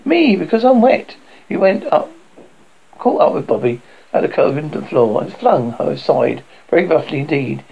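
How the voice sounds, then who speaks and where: Gravelly man reading a novel aloud. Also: on the high side, animated, normal speed, dull audio. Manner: stumbling, self-correcting reading. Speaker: narrator.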